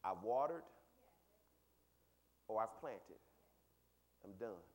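A male pastor preaching a sermon, talking with the congregation and swinging from quiet asides to loud, high exclaims, with quick repeats of words. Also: expressive. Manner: conversational, asks the congregation questions.

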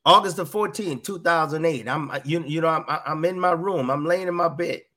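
A middle-aged podcast guest tells his personal story earnestly, in a fairly high voice that sounds pushed and bright, at a normal pace. He repeats phrases often and quotes what others said in dialogue.

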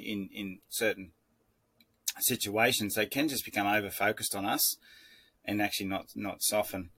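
In a calm, measured instructional talk, a man explains horse-training ideas, often circling back and restarting sentences. His low voice stays flat and even, and the recording has no echo.

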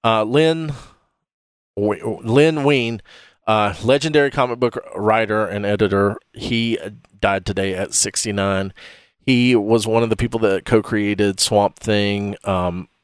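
A man's voice: fairly low pitch, steady tone, smooth, no room sound, studio quality. A man hosting a casual podcast, rambling and stumbling over names as he talks. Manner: rambling, halting, fumbles names. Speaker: podcast host.

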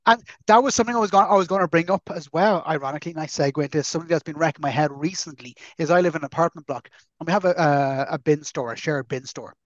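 A man's voice: fairly high pitch, quick pace, no room sound, dull audio. A man, co-hosting a podcast and ranting chattily, joking as he goes. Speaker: podcast co-host. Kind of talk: casual chat.

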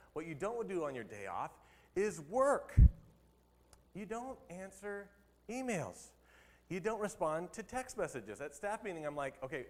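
A man's voice: on the high side, long reverb tail. A man, a pastor, giving a conversational sermon and laughing now and then at his own jokes.

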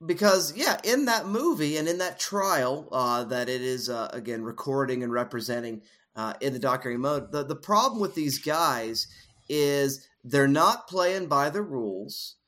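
A man's voice: mid-range voice, animated, moderate pace, a bit bright. A man co-hosting a casual film discussion, explaining ideas at length in a thoughtful way with frequent fillers. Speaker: podcast co-host.

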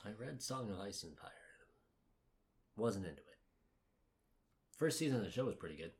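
A man's voice: fairly low pitch, sing-song, normal speed. A man recapping a story in casual, sarcastic chat, swearing often.

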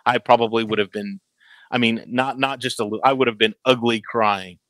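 A man in his thirties hosts a casual chat about a show. His voice is bright and forceful, the sound dry and close, and he tumbles into restarts while acting out what characters say. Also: mid-range voice, brisk, dry recording, poor audio. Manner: animated, stammers, acts out quotes. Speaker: podcast host.

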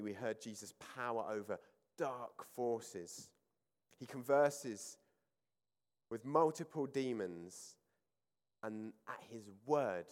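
A man preaching a sermon, reading scripture aloud with rising emphasis and then explaining it in calm, conversational reflection. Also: fairly low pitch. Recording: church hall with long reverb.

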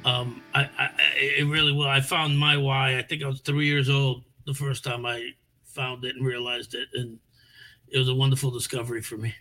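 A man's voice: medium pitch, flat delivery, brisk, sharp tone, faint music behind. A man joking around as guest on a casual live stream, playful and rambling. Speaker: guest and co-host.

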